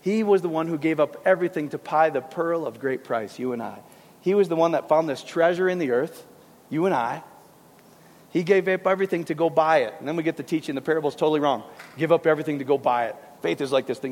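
Male preacher, sermon, gravelly husky voice, long hall reverb, casual animated delivery. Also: on the high side, fast. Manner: conversational, animated preaching with asides.

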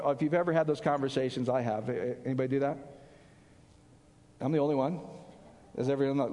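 A man preaching a casual sermon to a small group in an animated, conversational way, with jokes and asides. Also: mid-range voice, fast, pauses often. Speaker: pastor. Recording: long hall reverb.

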